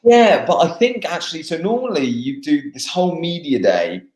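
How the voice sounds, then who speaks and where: A young English man, a motocross racer, chatting casually in a live interview, laughing and pausing on fillers. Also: a little high, big pitch swings, a little mellow. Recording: echoey room.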